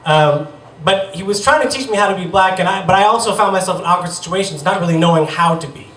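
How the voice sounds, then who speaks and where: Man from the Boston area, live storytelling, wry, fairly high voice, echoey bar room, distant mic. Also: fast talker, a bit bright. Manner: self-deprecating, wry, conversational. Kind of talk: live personal storytelling, humorous. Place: bar stage with a live audience.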